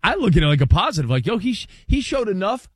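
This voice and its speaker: A man's voice: high-pitched, very animated, fast, breathy edge, dry recording, clean studio sound. A man co-hosting a sports talk radio show, teasing his co-host with playful jokes. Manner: playful, teasing, laughs often.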